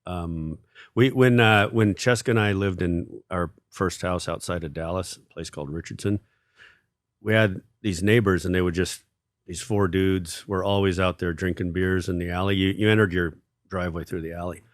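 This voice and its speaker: A man as a podcast guest telling a self-deprecating story, halting with many fillers. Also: low-pitched, steady tone, dry recording, studio quality. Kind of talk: casual storytelling interview.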